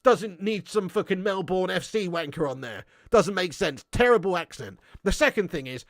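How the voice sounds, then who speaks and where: Sweary, high-voiced livestream host. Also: male voice, lively intonation, normal speed, hardly any pauses, no echo, studio quality. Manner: sweary, blunt, ranting banter with the chat. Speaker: live stream host. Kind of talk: casual live-stream chat.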